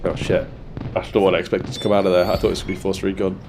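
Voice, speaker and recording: A man livestreaming a game, chatting casually with viewers while badly congested from a cold, joking and swearing, with sudden bursts of excited shouting. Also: low-pitched, very fast, creaky, noisy background. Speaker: livestreaming gamer. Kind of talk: casual live gameplay chat. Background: music.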